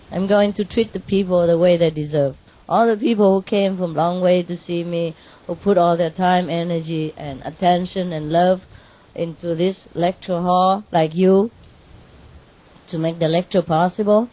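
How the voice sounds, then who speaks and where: A woman telling an animated story to an audience in non-native English, laughing often and lifting her voice for her own quoted words. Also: lowish voice, moderate pace. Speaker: spiritual teacher addressing an audience.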